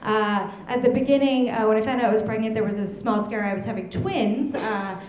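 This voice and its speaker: A woman's voice: a little high, fairly quick, a little mellow, roomy sound, a little hiss or hum. A woman in her thirties performing a stand-up set, telling chatty stories and giggling at her own jokes on a comedy club stage.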